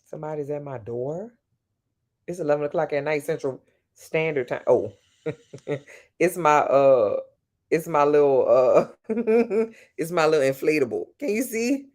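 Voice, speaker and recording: A Louisiana-accented woman with a low, darkish, animated voice streams live from home at night, speaking a little slowly and pausing often. She's sassy and playful, responding to chat and talking directly to the people watching.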